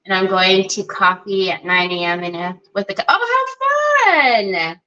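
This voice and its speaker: A woman's voice: mid-range voice, animated, normal speed, bright, forceful tone, dull audio. A middle-aged woman hosting a live crafting stream, chatty, greeting viewers by name with many fillers. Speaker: crafting livestream host.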